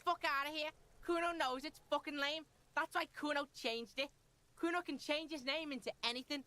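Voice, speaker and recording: A woman's voice: high voice, steady tone, moderate pace, sharp tone. A woman voicing a brash, hostile young boy in a video game, who swears constantly and speaks of himself in the third person. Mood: sneering.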